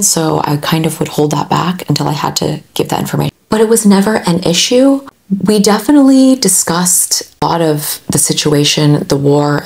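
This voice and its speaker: A woman's voice: sits low, creaky, darkish tone. A young American woman, a travel vlogger, answering viewer questions in an earnest, chatty way. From USA. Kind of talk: casual Q&A vlog.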